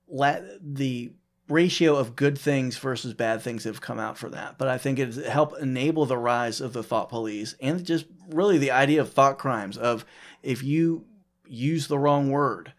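A man co-hosting a podcast in casual chat, with dry, wry asides. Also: medium pitch. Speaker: podcast co-host.

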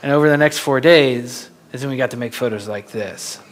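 A young man from Florida giving a talk as a photographer, telling stories in a lively way and laughing often. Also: medium pitch, fairly quick. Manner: animated, laughing storyteller. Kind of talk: storytelling lecture.

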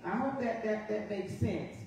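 A woman's voice: mid-range voice, unhurried, creaky, a little mellow, recorded from a distance. A woman pastor preaching a sermon, reading scripture aloud and often asking the congregation "Amen?". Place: church sanctuary. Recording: very echoey live church feed from afar.

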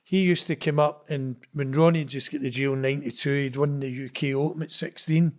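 A man's voice: mid-range voice, a little fast. Glaswegian man telling a story. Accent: Glaswegian Scottish. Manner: animated, acts out quoted dialogue. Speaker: interview guest. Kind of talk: casual storytelling.

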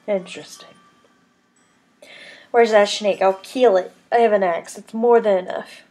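A woman's voice: mid-range voice, fairly even intonation, a little slow, mellow. A woman casually commenting on a game with sarcastic, joking asides. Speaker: let's play commentator.

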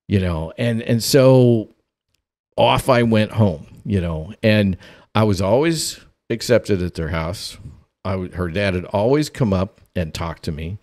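A man hosting a parenting podcast who tells a funny personal story in an animated way, laughing often as he goes. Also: lowish voice, measured pace. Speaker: podcast host.

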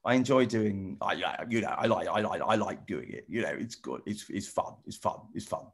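A middle-aged man chatting casually with children over a video call, rambling and halting with lots of restarts. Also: on the low side, expressive, vocal fry, slightly rough. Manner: rambling, halting, full of restarts and "you know". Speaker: celebrity guest answering children's questions. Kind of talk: casual friendly chat with children.

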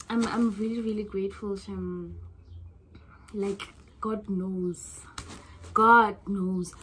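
Slow, drawn-out words mark this casual vlog from a young South African woman with a South African accent. She gushes expressively, shifting between soft reflection and loud excitement, in a mid-range voice with a touch of hiss or hum behind it.

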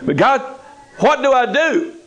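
A man's voice: very high-pitched, sing-song, measured pace, fairly bright tone, pitched above the performer's own voice, exaggerated voice. A man voicing a whiny believer who keeps pleading with God and complaining. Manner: plaintive, complaining.

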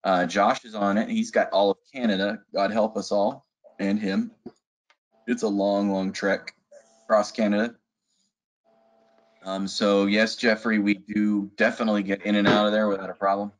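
Low-voiced man, casual sales manager. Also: little pitch movement, normal speed. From Arizona. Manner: casual, enthusiastic, frequent fillers. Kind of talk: webinar presentation. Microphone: video call.

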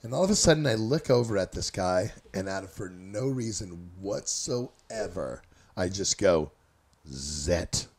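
A man's voice: fairly low pitch, lively intonation, moderate pace, darkish tone. A man from Northern California telling a loose, rambling, profane story in a casual chat. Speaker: storyteller guest.

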